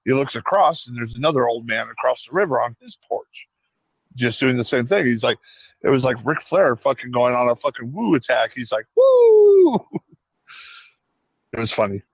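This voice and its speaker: A man's voice: medium pitch, normal speed, vocal fry, husky, dry recording, dull audio. A man co-hosting a casual podcast, telling stories and acting out voices as he goes. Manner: animated storyteller, acts out voices. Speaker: podcast co-host. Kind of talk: casual chat.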